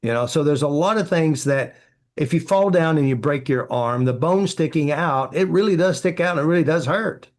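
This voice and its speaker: A man's voice: fairly high pitch, moderate pace. A man, a therapy practitioner, answering interview questions with anecdotes, acting out quoted dialogue and filling with "you know".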